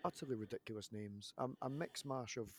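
A man in his thirties hosting a podcast, telling long rambling stories with animated restarts in a casual chat. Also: mid-range voice, a little fast, breathy edge. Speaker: podcast host, wrestler.

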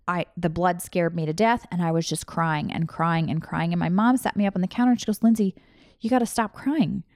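A woman's voice: fairly low pitch, a little fast, no room sound, clean studio sound. A woman in her thirties telling a raw personal story, candid and emotional, swearing freely. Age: 30s.

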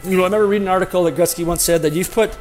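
A middle-aged man, a former hockey player, telling a self-deprecating story in a casual, animated way with lots of fillers. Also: high-pitched, very fast, faint music behind.

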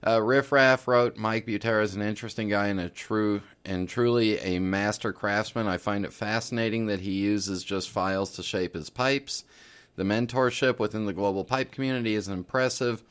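A man's voice: lowish voice, steady tone, normal speed, fairly bright tone, clear, resonant tone. A man hosting a podcast, casually reading listener letters aloud with the odd filler. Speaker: podcast host.

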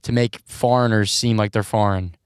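A man's voice: on the low side, steady tone, normal speed, clear, resonant tone, dry recording, clean studio sound. A man co-hosting a podcast, arguing points and teasing the others in casual chat. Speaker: podcast co-host.

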